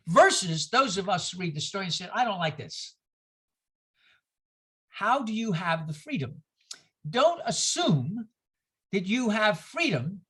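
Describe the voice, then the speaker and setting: A minister leads a conversational Bible study with a bright, edged voice at a middle pitch. The talk is animated and full of pointed rhetorical questions thrown out to the listeners. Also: breathy edge. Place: church gathering.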